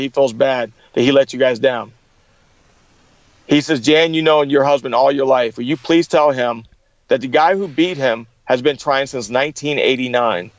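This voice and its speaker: Middle-aged guy telling a story in an interview, kinda high voice, acts out the quotes, dull dry sound. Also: no room sound. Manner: animated storytelling, acting out quoted people. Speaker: guest.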